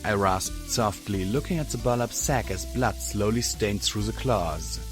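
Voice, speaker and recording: A man reading a fan audiobook in slow, measured narration. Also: lowish voice. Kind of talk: scripted narration. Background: background music.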